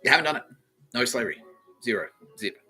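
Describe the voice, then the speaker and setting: A man's voice: medium pitch, lively intonation, fast, bright, forceful tone, husky, faint music behind. A man hosting a comedy podcast, rambling loosely, laughing and swearing as he riffs alone. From Australia. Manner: loose and giggly, swearing freely, slipping into quoted voices. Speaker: podcast host.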